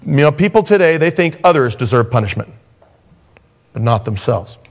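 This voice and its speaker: A man preaching a sermon as a pastor, swinging from raised, intense passages down to hushed, soft ones. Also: medium pitch, expressive, normal speed.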